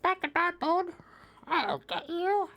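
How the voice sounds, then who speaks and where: A woman voicing a group of cheerful little cartoon monkeys in a very high, loud squeal while reading game dialogue. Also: expressive, slow pace, full character voice. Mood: determined.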